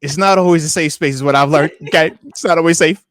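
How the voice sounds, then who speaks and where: A man's voice: a little high, fast talker. A man in his thirties, a retired linebacker hosting a casual sports chat, telling stories and acting out quotes in slangy banter. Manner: animated storyteller, acts out quotes in slangy banter. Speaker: host, retired football linebacker.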